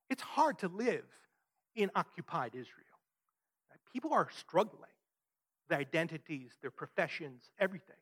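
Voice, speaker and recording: Animated preacher man, high lively voice. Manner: emphatic, rhetorical questions, frequent "right?". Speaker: pastor. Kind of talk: sermon.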